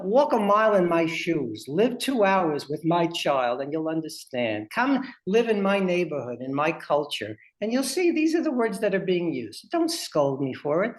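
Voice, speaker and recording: Man telling lively stories to an online audience. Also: sits high. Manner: lively storyteller who speaks straight to the audience. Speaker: family advocate and webinar presenter. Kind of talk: webinar presentation.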